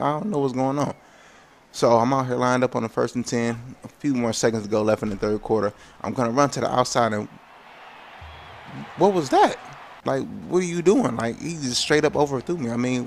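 Man with a slightly low voice, casual let's-play commentator calling his game play by play, slangy and easily exasperated. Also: a little hiss or hum. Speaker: gameplay commentator.

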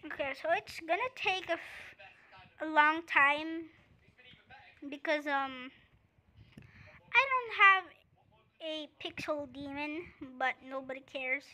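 A young woman chatting to viewers while playing a pet-collecting game, breaking into excited yells. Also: high-pitched, slow pace, pauses often. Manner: chatty, bursts into excited screaming; addresses viewers as guys. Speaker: gaming video creator. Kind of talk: casual gameplay commentary.

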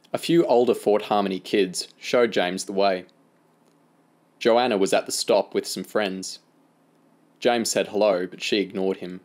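A man with a lowish voice reads a novel aloud as an audiobook reader. His narration is steady and even.

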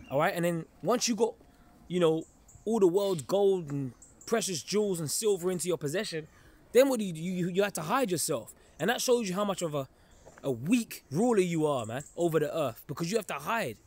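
A man preaching an informal sermon in an emphatic, conversational way, often pausing to check in with his listeners. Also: sits high, a little mellow. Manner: emphatic, keeps checking in with listeners, chuckles darkly.

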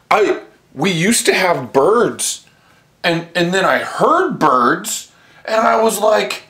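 A man's voice: high voice, lively intonation, slow pace, a bit bright. A startled man stammering and swearing in a casual home video, filmed on a phone inside his house. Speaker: vlogger.

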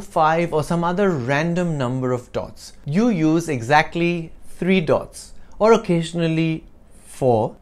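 A man teaching an English lesson, explaining clearly and deliberately with wry asides. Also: a little high.

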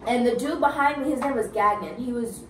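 A woman's voice: a little high, a little fast. Young woman swearing thru a story, kinda far from the mic, faint hiss. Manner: animated, profane storyteller. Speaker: Navy recruit telling stories. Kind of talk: casual chat among roommates. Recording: echoey room, camera from afar, faint hiss.

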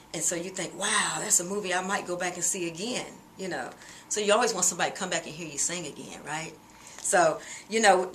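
Woman teaching singing, bright voice. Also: on the low side, slight background noise. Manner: relaxed, conversational explaining with frequent fillers. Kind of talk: vocal lesson with sung demonstrations.

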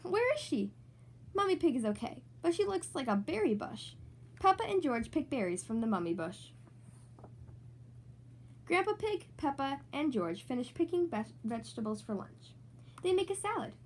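Young woman, kids' storybook reader, high sing-song voice. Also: big pitch swings, moderate pace, darkish tone, slight background noise. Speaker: children's book reader. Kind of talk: read-aloud storytelling for kids.

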